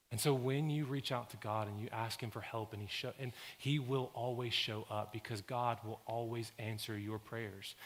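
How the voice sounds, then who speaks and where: A male pastor preaching a sermon, moving from calm, measured teaching to loud, intense exhortation. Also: medium pitch. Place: church sanctuary. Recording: long hall reverb.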